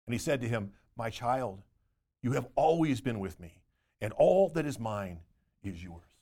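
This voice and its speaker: A man's voice: mid-range voice, expressive, moderate pace, darkish tone. A man co-hosting a Bible study discussion, reading scripture aloud and explaining it verse by verse. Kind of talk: teaching discussion.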